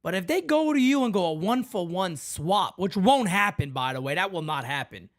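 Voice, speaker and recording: A man's voice: high-pitched, lively intonation, fairly quick. A man hosting a sports fan call-in show, hammering his points home and repeating lines for emphasis.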